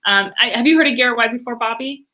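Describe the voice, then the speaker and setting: A woman guest in an interview, talking with lots of fillers and acting out other people's reactions in quick quoted voices. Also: a little high, background noise. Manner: animated, many fillers, acts out quoted reactions. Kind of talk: enthusiastic interview talk.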